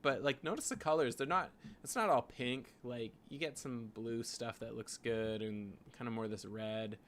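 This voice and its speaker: Canadian man, graphic designer, casual screen-share vlog, thinking out loud, rambling. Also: mid-range voice, moderate pace, slight background noise. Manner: thinking aloud, rambling with frequent "like" and "you know".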